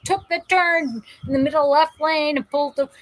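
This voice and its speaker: Jersey woman running a live stream, kinda high voice, rambly and animated, keeps restarting sentences. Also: moderate pace, no room sound, rough recording. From New Jersey. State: in pain. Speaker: host of a live call-in show. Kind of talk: casual live-stream chat, reading viewer comments.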